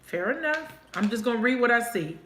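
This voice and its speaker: Woman, tarot reader, casual and cursing, bright tone, unhurried, faint background noise. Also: a little high, sing-song, roomy sound. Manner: casual, swears, laughs often, talks to viewers. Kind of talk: live tarot reading chat.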